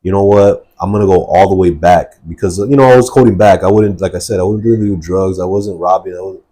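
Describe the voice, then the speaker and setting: Deep husky-voiced man telling his testimony. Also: brisk, dark tone. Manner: earnest, rambling with many fillers. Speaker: guest sharing testimony. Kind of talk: personal testimony in a podcast interview.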